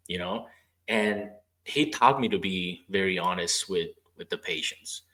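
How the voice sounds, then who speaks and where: A low-voiced man hosts a relaxed podcast conversation. He tells stories from his therapy work and acts out what people said. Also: moderate pace. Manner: storytelling, acting out quoted dialogue. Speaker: podcast host; former rehab therapist. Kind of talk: casual interview chat.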